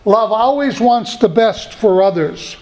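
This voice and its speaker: A middle-aged man preaching a sermon in a folksy way, slowing down to repeat key points. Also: high-pitched, lively intonation, darkish tone. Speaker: pastor. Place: church. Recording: echoey church room.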